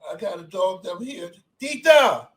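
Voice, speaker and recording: A man in his seventies giving a motivational speech, emphatic, repeating phrases and swinging from soft talk to shouting. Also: high voice, lively intonation, a little slow, poor audio. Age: 70s. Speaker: motivational speaker.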